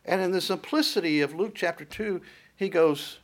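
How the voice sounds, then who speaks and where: A middle-aged pastor with a high-pitched voice preaches at a moderate pace. He stacks up repeated rhetorical questions to build his points, holding a steady preaching cadence.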